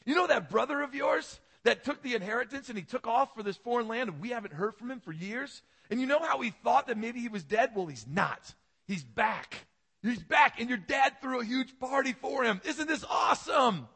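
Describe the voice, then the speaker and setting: A man voicing an excited young male servant who gushes with slangy enthusiasm. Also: extremely high pitch, normal speed, gravelly, breathy edge, pitched above the performer's own voice, full character voice. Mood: thrilled. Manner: gushing, slangy.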